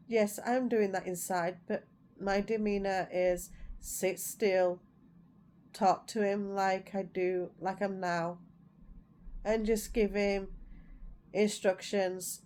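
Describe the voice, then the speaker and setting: A woman's voice: mid-range voice, flat delivery, slow pace, a little mellow, a little hiss or hum. A middle-aged woman vlogging in a rambling, casual way, repeating herself as she tells family stories. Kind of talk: casual chat to camera.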